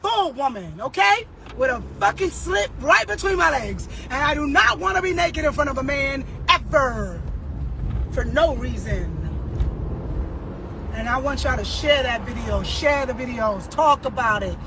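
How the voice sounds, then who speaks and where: Hoarse gravelly woman doing a cussing rant, loud traffic noise behind her. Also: high-pitched. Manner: profane, emphatic, often shouting. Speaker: singer. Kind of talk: social media rant.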